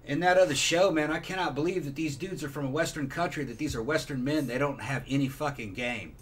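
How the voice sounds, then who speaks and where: A man's voice: fairly high pitch, fast, a little hiss or hum. A man hosting a casual podcast chat, emphatic and opinionated, swearing often. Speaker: podcast host.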